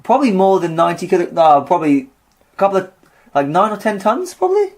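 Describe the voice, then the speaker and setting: A man's voice: high-pitched, very animated, quick pace, darkish tone. A man co-hosting a podcast, telling a story casually with wry asides. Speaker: podcast co-host. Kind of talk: casual comedic chat.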